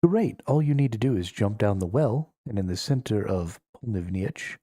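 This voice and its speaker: A dramatic young woman quest giver, pleading one moment and bossy the next, as a man puts her on. The voice is raised above a low, mellow base and sounds dry and close. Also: lively intonation, moderate pace, no echo. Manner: dramatic, demanding.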